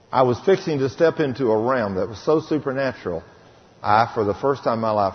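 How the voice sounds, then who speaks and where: A preacher tells his testimony from the pulpit, emphatic and dramatic. He drags scripture out word by word. The recording is dull and carries the long echo of a big hall. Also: mid-range voice. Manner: emphatic storytelling, slows right down on scripture. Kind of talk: sermon testimony.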